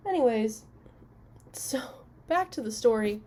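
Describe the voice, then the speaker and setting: Young woman, fairly high voice, casual makeup vlogger who tells chatty self-mocking stories. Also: lively intonation, measured pace, dark tone. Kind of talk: casual storytelling while doing makeup.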